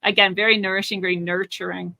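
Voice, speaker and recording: A woman's voice: mid-range voice, level tone, fast, creaky, bright, forceful tone, no room sound. A woman being interviewed as a spiritual teacher, telling a personal story in an earnest, searching way with frequent restarts.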